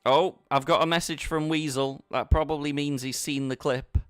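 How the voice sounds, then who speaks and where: A man's voice: a little high, fairly even intonation, moderate pace, smooth, no echo, studio quality. A man chatting casually with his viewers while he plays online poker, bantering and talking to the chat. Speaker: poker streamer. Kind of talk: casual live-stream commentary.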